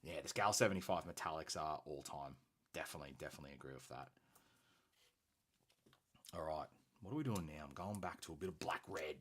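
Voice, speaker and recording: A man's voice: extremely low pitch, fast, pauses often, breathy edge. An Australian man hosting a hobby painting stream, chatting casually and enthusiastically with plenty of fillers. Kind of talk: casual live-stream chat while painting.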